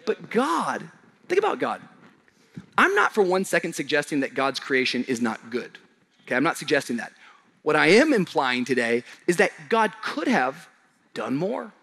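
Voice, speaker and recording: Animated male pastor preaching, high voice, bright and forceful, slangy, jumps from loud to hushed. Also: normal speed, creaky, slightly rough. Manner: animated preacher, swings from shouted emphasis to low quiet asides; casual slangy delivery. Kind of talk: sermon to a live congregation.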